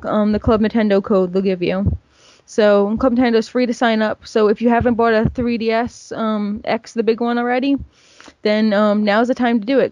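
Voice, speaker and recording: A woman's voice: fairly high pitch, darkish tone, no room sound, dull audio. A young woman co-hosting a casual gaming chat, rambling with lots of fillers. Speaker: gaming podcast co-host.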